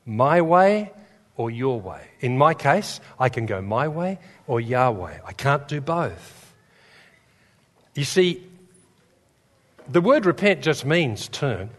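A man's voice: medium pitch, very animated, slow, long pauses. A man preaching a sermon in a church, telling stories with humor and building to fervent emphasis. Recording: long reverb in a large hall.

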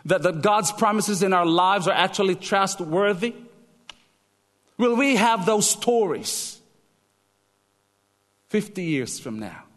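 High-voiced preacher. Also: male voice, takes it slowly, long pauses, long reverb tail. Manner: animated storytelling, emphatic repetition. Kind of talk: sermon.

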